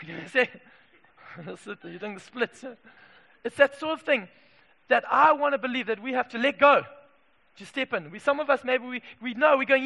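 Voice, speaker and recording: High-voiced, passionate male preacher. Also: expressive, moderate pace, vocal fry. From Zimbabwe. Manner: passionate, swings from hushed to shouting. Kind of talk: sermon. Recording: echoey hall reverb.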